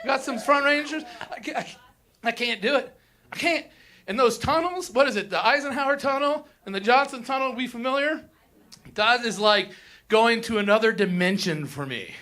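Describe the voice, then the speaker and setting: A man's voice: extremely high pitch, lively intonation, normal speed, pushed and bright. A young man from Colorado doing a crude stand-up comedy set on a theater stage, ranting and mimicking whiny locals.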